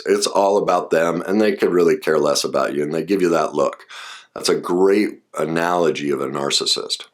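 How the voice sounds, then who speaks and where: A man explaining relationship warning signs in a casual, personal way, full of asides and restarts. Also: deep voice. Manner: conversational, personal asides, frequent fillers and restarts. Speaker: relationship and trauma speaker. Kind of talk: casual explanatory talk to camera.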